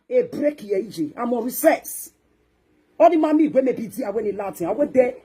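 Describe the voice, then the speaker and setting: In a scolding, ranting monologue, a social media talk show host with a Nigerian accent lurches from loud outbursts to hushed muttering. She talks fairly quickly in a sing-song, mid-range voice with a breathy edge.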